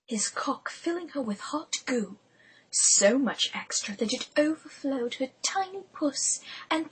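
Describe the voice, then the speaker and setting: A woman narrating an audiobook in a hushed, intimate whisper. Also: on the high side, slightly rough, poor audio.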